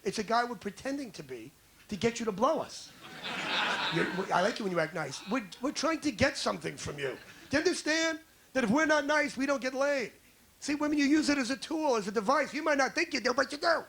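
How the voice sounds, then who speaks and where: A man's voice: very high voice, big pitch swings, brisk, fairly bright tone, slight background noise. A man from the United States doing a crude, brash stand-up routine on a comedy club stage, riffing with the crowd.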